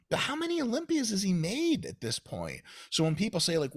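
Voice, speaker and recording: A man from Russia rants on a podcast, swearing freely and swinging his pitch widely as he acts out imagined arguments. His voice is husky and sits close and dry on the mic, with no room sound. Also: fairly quick, hardly any pauses, no echo. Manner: profane, animated ranting with mock quotes. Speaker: podcast guest, coach. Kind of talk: casual podcast chat.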